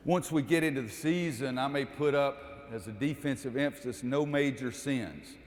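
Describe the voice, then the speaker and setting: A man's voice: mid-range voice, normal speed. A man running a basketball coaching clinic, calling out cues during drills and explaining the defense to the audience. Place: gym. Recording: echoey gym with long reverb.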